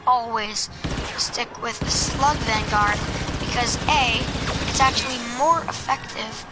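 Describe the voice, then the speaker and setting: Hesitant woman over loud game music. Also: on the high side, slow. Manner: hesitant, full of ums and restarts. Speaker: gameplay commentator. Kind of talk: casual gameplay tips commentary. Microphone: headset. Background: game music and sound effects.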